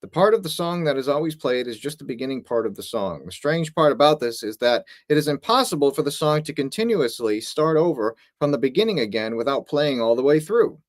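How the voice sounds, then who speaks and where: A young man co-hosting a paranormal show, reading a case file in a steady, slightly announcer-like way. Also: mid-range voice, a little fast, few pauses, no room sound, clean studio sound. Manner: steady read-aloud, with an occasional mock announcer tone. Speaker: co-host, paranormal investigator. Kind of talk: casual podcast chat, reading a case file aloud.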